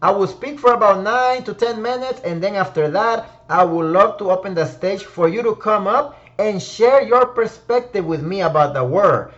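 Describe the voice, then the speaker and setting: A man's voice: sits high, normal speed, hardly any pauses, fairly bright tone, muffled recording. A man hosting a motivational discussion room, reflective and emphatic, speaking to listeners by name. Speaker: host of a word-of-the-week discussion room. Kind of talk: motivational talk.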